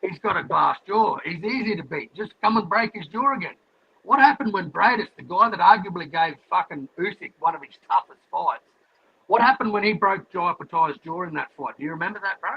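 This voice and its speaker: Husky gravelly guy, highish, repeats himself, muffled lo-fi audio. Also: animated, a little fast. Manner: emphatic, repeats lines. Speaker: boxing panelist. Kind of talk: heated panel debate.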